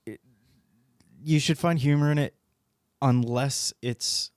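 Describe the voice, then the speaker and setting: A man's voice: mid-range voice, takes it slowly, no echo, clean studio sound. A man co-hosting a podcast, casual rambling chat, laughing often and swearing freely. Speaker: podcast co-host.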